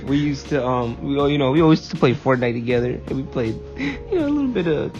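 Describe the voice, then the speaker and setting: A man's voice: medium pitch, expressive, fast talker, a little mellow. A young man telling profane, rambling anecdotes in a casual chat with a friend. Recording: dull lo-fi mic, faint music.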